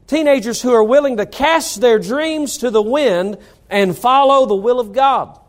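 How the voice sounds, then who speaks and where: A man's voice: extremely high pitch, measured pace. A middle-aged man from North Carolina, a pastor preaching a sermon with rising emphasis.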